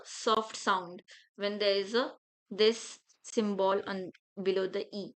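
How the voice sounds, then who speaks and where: A woman teaching beginners, speaking slowly and deliberately as she pronounces each letter. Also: mid-range voice, fairly even intonation, fairly bright tone, clean tone, poor audio. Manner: slow, deliberate letter-by-letter pronunciation. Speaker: French teacher. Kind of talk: beginner language lesson.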